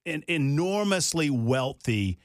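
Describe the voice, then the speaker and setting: Animated male talk radio host. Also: slow pace, no echo, studio quality. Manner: animated storyteller, lively pitch. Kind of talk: casual interview chat.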